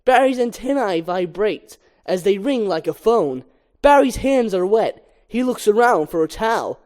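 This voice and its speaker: Lively-pitched reader of stage directions. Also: a little slow. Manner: flat stage-direction reading, lively swings. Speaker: script reader. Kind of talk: reading a film script aloud.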